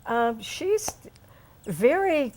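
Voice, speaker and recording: A woman's voice: high-pitched, very animated, extremely slow, darkish tone, a little hiss or hum. A woman guest in a casual book discussion, thoughtful and agreeable.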